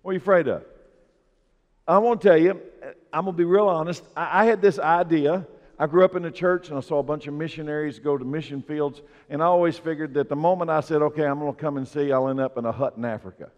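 A man's voice: fairly high pitch, fast. Male pastor preaching in an echoey hall. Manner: emphatic preaching, swelling louder on key points. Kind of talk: sermon. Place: church sanctuary. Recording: dull, echoey church hall recording.

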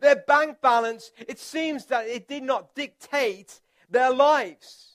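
A man preaching a relaxed, conversational sermon as pastor, chatty and self-deprecating, with filler words and restarts. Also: very high voice, takes it slowly.

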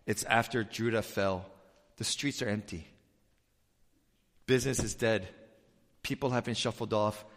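A man preaching a sermon in a conversational way. He rises to emphatic peaks and then drops to a soft voice. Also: medium pitch. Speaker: pastor. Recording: long hall reverb.

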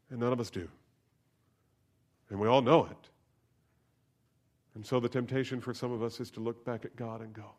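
A male pastor preaching a sermon, telling a personal story and swinging from soft, hushed asides to loud, emphatic preaching. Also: medium pitch, fairly even intonation, moderate pace, long pauses.

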